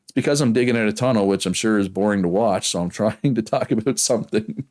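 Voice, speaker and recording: Pei guy with a real low voice, rambly stream chat, talks to chat while he plays. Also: fast talker, a little mellow. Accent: Prince Edward Island. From Prince Edward Island, Canada. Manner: rambling, chatty, reads chat aloud. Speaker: game streamer. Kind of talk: casual live-stream chat.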